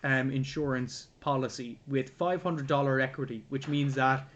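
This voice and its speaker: A man's voice: medium pitch, moderate pace, dull audio. A man co-hosting a podcast, chatting casually about a film, swearing and acting out scenes. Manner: animated, swearing, acts out scenes. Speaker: podcast co-host. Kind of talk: casual film review chat.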